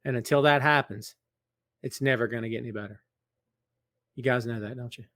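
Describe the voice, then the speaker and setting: Greeting viewers by name and teasing them, a middle-aged man hosts a casual live stream before making an earnest, serious appeal. He's a podcast host with a brisk, mid-range voice and a fairly bright tone, speaking to a mic in front of a camera inside a large empty building.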